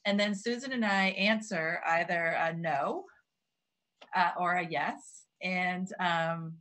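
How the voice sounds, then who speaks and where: Chatty woman co-host, lowish voice. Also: fairly bright tone. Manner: chatty, self-deprecating, quick restarts. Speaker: podcast co-host. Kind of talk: casual chat.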